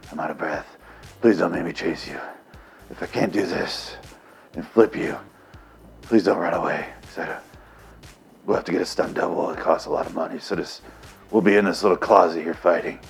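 A man's voice: sits low, moderate pace, creaky, long pauses, breathy edge, soft background music, pitched below the performer's own voice, exaggerated voice. A man putting on the voice of a middle-aged male action star, whispering every line, out of breath and pleading.

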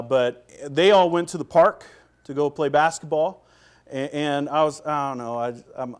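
A pastor preaches in a relaxed, conversational way. His voice sits a little higher than most men's. He stumbles over restarts and drops into soft, quiet asides. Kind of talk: sermon.

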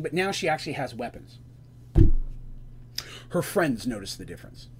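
A man's voice: a little high, slight background noise. A man narrating a tabletop game as game master, in a loose, conversational retelling.

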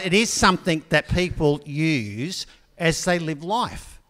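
Older male preacher, slightly high voice, chatty storytelling sermon, long hall reverb. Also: animated, slow, sharp tone. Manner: conversational storytelling with frequent ums.

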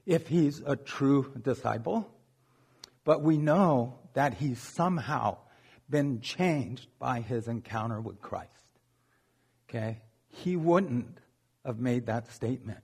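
A man's voice: mid-range voice, darkish tone, slightly rough. A man preaching a sermon in a conversational, joking way, often checking in with "okay?".

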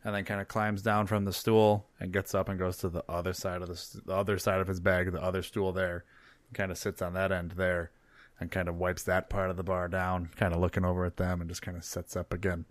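A man's voice: sits low, flat delivery, brisk, no room sound. A man playing a tabletop game, describing his character's actions hesitantly with many fillers. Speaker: player.

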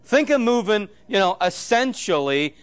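A man's voice: sits high, sing-song, measured pace, smooth. A middle-aged man preaching a sermon, telling a story with quoted dialogue in an emphatic way. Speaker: pastor.

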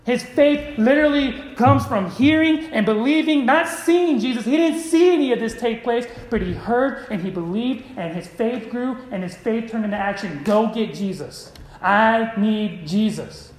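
A man's voice: very high voice, normal speed, few pauses, reverberant, rough recording. A man preaching a sermon, calling out to his congregation. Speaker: pastor.

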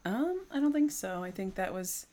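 A woman's voice: medium pitch, big pitch swings, moderate pace, warm tone. A woman co-hosting a casual chat, adding details in an easygoing way with some "um"s. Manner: easygoing, adds details, hesitant fillers. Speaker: co-host.

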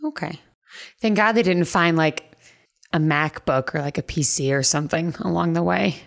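A woman's voice: low voice, normal speed, gravelly. A woman on a casual movie podcast, making jokes and sympathetic asides. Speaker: podcast co-host.

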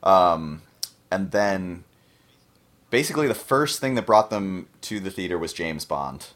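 A man's voice: deep voice, animated, measured pace, a bit bright. A man co-hosting a podcast, chatting casually with easygoing, teasing banter. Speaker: podcast co-host. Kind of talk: casual chat.

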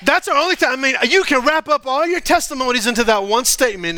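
Animated Texan preacher, high bright voice. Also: male voice, fairly quick. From Texas. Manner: animated storytelling, laughing and shouting often. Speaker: pastor. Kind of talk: sermon. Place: church stage.

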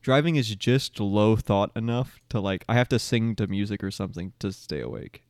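A man's voice: fairly low pitch, moderate pace, darkish tone, no echo, clean studio sound. A young man co-hosting a podcast, joking around, playfully stubborn and laughing often. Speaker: podcast co-host. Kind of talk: casual chat.

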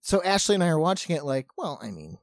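Rambling, animated man telling a story. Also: a little high, fast, vocal fry, no room sound, clean studio sound. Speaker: podcast co-host. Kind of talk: casual chat.

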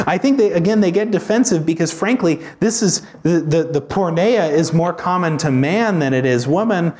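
A man's voice: on the high side, lively intonation, normal speed, hardly any pauses, darkish tone. A man preaching an expository sermon as a pastor, talking in a conversational way with informal asides.

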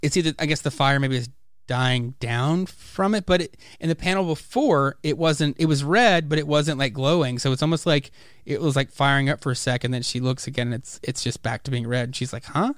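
A man with a smooth, resonant voice chats casually about a comic book, retelling each scene with lively little impressions of the characters. The sound is close and dry, with no room around it. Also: medium pitch, fairly quick, dry recording. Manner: animated retelling, acts out characters' lines. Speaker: podcast host.

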